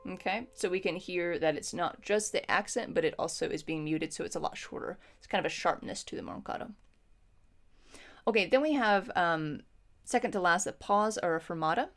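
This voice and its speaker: A woman's voice: lowish voice, moderate pace. A woman music teacher explaining patiently in an instructional lesson, with frequent ums.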